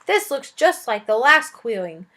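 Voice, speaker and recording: A woman voicing a grumpy, impatient dragon who speaks slowly with a put-on accent. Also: on the high side, sing-song, a bit bright, heavily acted. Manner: slow drawling delivery with a put-on accent.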